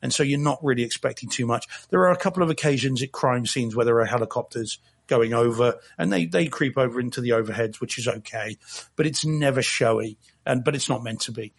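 A man's voice: mid-range voice, a little fast, vocal fry, husky. Rambling, wry man reviewing a film. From not from Boston. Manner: rambling, self-correcting, wry. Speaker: podcast guest reviewer. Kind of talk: casual chat.

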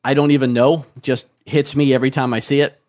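A man's voice: mid-range voice, little pitch movement, brisk, a little mellow. Hesitant man in casual chat. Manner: hesitant, full of fillers.

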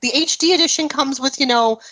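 A woman with a Canadian accent co-hosting a podcast in casual chat, animated and laughing often as she acts out quotes. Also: high voice, a little fast, rough recording. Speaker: podcast co-host.

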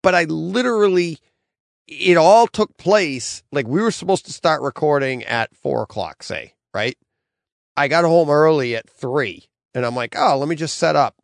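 Middle-aged male podcast host, gravelly, dry close sound, rambling casual storyteller. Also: on the high side, animated, normal speed, no room sound. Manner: rambling storyteller, acts out his own quotes.

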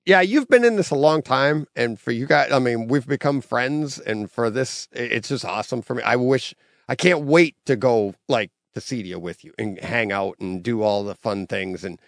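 An energetic man telling stories in a casual chat, laughing often. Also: medium pitch, moderate pace, creaky, no room sound, studio quality.

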